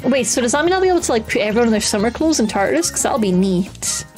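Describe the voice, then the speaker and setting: A woman with a fairly high, darkish voice streams a video game live, talking very fast with lively intonation. She chats playfully, hums along, and reads on-screen text aloud into her desk mic as live gameplay commentary. Faint game music plays in the background.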